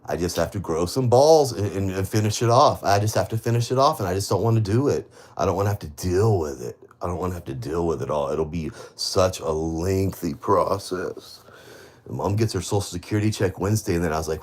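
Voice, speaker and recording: Bitter ranting man with a lowish voice. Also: a little fast, darkish tone. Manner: bitter, accusing, repeats himself; swears heavily. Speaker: livestreamer. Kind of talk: live stream rant to viewers.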